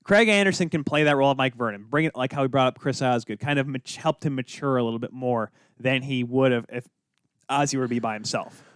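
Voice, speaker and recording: Fast-talking opinionated male sports podcaster. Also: medium pitch, a bit bright, clear, resonant tone, dry recording, studio quality. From Minnesota. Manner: opinionated, talks fast with many asides. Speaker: podcast co-host. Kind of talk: casual sports chat.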